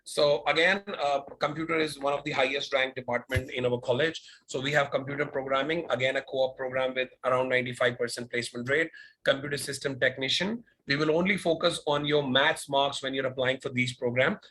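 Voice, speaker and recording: A man's voice: medium pitch, fairly even intonation, fairly quick, pushed and bright, a little hiss or hum, rough recording. A man representing a college, answering applicant questions in an online info session with many fillers. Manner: explanatory, with frequent fillers. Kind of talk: webinar Q&A. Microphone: video call.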